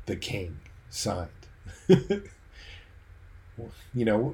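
A man's voice: on the low side, darkish tone. Man preaching with vivid storytelling. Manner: vivid storytelling, draws listeners into imagined scenes. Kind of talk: sermon.

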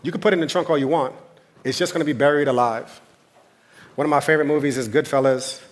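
A man's voice: fairly high pitch, steady tone, fast talker. An American man, a pastor, preaching a sermon in a conversational but impassioned way, repeating phrases for emphasis.

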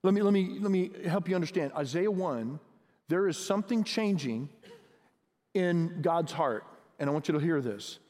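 High-voiced preacher in a reverberant hall. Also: male voice, lively intonation, moderate pace, a little mellow. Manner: conversational, asks the audience questions, builds in intensity. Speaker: pastor. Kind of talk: sermon. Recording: long reverb of a large hall.

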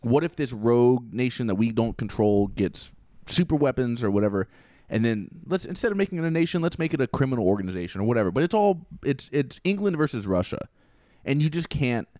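A man's voice: mid-range voice, very animated, fairly quick, few pauses, mellow, dry recording, clean studio sound. A young man co-hosting a casual podcast, rambling with many restarts and the odd swear word. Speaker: podcast co-host.

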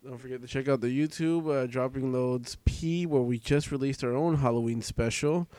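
A man co-hosting a podcast, reading off plugs in a relaxed, rambling way with plenty of fillers. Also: mid-range voice, moderate pace, dry recording. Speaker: podcast co-host. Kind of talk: casual chat, show plugs.

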